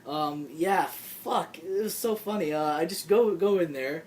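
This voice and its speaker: A young man co-hosting a casual chat, telling stories in a profane, animated way, full of "like". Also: fairly high pitch, measured pace, a little hiss or hum. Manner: profane, animated storytelling with frequent "like". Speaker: podcast co-host.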